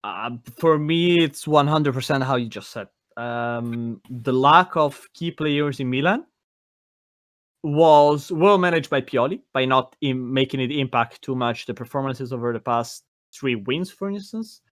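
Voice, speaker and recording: Male co-host, mid-pitched, thoughtful and chatty, dry close recording. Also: unhurried, a bit bright, no room sound. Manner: thoughtful, conversational, checks in with "right?". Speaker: podcast co-host. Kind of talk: casual football analysis.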